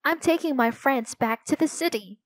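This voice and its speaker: A woman reading aloud voices a kind, gentle boy who guides his friends, in an earnest, eager manner. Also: sits high, animated, normal speed, no room sound, pitched above the performer's own voice, low-quality recording.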